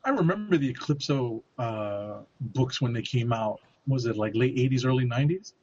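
A man co-hosting a podcast, casually chatting about comics with quick joking reactions. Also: mid-range voice, animated, a little mellow, slightly rough, dull audio. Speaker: podcast co-host. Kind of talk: casual chat reviewing comics.

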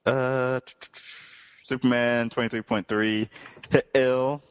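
A man's voice: medium pitch, level tone, slow, clear, resonant tone, dry recording, muffled recording. A man hosting a podcast, casually moving the comic review list along in a matter-of-fact way. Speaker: podcast host.

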